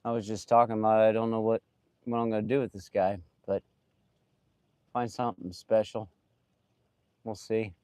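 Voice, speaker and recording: A man's voice: lowish voice, level tone, normal speed, pauses often, a little mellow, clear, resonant tone, no room sound. Rambling man chatting while carving. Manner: rambling, trails off, lots of fillers. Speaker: chainsaw carver streaming live. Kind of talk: casual live-stream chat while working.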